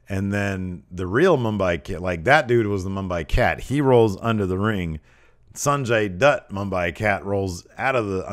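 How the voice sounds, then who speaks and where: A man hosting a podcast, casually recapping a wrestling show with lots of ums and rambling asides. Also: sits low. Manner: mimics wrestlers in raised voices when quoting. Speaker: podcast host reviewing wrestling.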